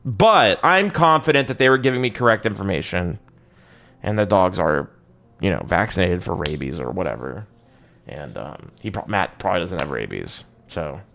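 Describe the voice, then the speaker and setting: A man's voice: low-pitched, animated, unhurried, creaky, pauses often, fairly bright tone. A young man chatting casually on a live game stream, rambling and swearing, calling his viewers bro. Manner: rambling, profane, says bro a lot.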